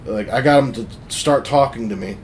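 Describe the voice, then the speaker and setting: A man's voice: mid-range voice, moderate pace, a little hiss or hum. A man telling a story in loose, profane casual chat, full of fillers.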